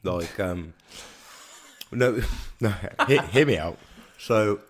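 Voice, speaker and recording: A man with a Birmingham accent chats on a podcast in a low voice. He rambles and repeats himself while he works out what he means. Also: animated, drawn-out words. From Birmingham, England. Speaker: podcast co-host. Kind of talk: casual chat.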